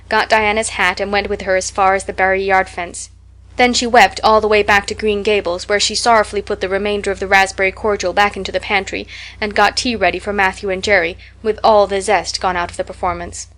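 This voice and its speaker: A woman narrates a classic novel for an audiobook. Her reading is measured and expressive, at a middling pitch. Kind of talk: scripted narration.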